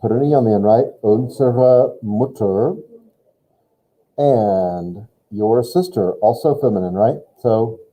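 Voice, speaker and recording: A man's voice: lowish voice, expressive, normal speed, warm tone. A man teaching a German lesson, patiently explaining grammar step by step and prompting a student. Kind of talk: online language lesson. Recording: tinny phone-like line.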